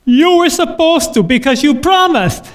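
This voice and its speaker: A man's voice: extremely high pitch, expressive, unhurried, voice pushed up. A man voicing a frail elderly woman who pleads, then speaks firmly, within a sermon story. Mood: hurt.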